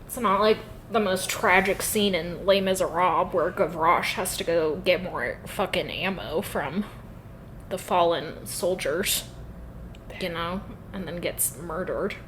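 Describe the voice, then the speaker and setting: A woman's voice: on the low side, measured pace, a bit bright, slight background noise, rough recording. A woman co-hosting a podcast, talking in chatty casual conversation, swearing freely and laughing often. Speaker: podcast co-host. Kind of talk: casual chat.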